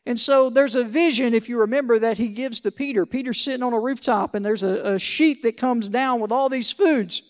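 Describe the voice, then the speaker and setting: A man's voice: extremely high pitch, fairly quick, hardly any pauses. A man preaching a sermon as pastor, conversational, with joking asides and rhetorical questions.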